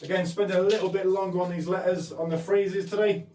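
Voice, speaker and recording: A man hosts a live painting stream, chatting casually through a relaxed art demonstration with a self-deprecating, apologetic manner. His voice is high-pitched and a little mellow, with little pitch movement and a quick pace. The room is echoey, the mic sits at a distance, and faint music plays in the background.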